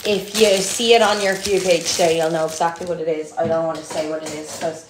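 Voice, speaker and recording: A young woman from Ireland with a mixed Louth and Dublin accent rambles casually to her TikTok followers, using "like" often. Her voice is fairly low and fairly even, and she talks quickly. Background noise is clear in an echoey room.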